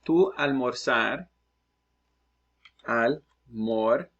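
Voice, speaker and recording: Slow, patient male Spanish teacher. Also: mid-range voice, lively intonation, fairly bright tone, lo-fi sound. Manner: slow, patient, thinking aloud while writing. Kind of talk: screen-recorded lesson, working through exercises.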